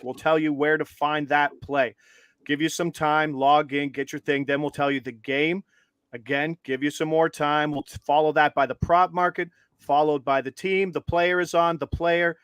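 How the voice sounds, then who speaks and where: A man with a high-leaning, clean voice co-hosts a live sports betting stream, recorded dry. He's upbeat, steady, and instructive, walking viewers through each step.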